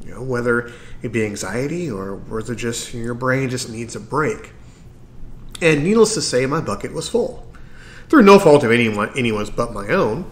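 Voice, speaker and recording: Slight background noise sits under this man's fairly bright, mid-range voice as he hosts his solo podcast. He speaks earnestly and encouragingly but sometimes fumbles his phrasing.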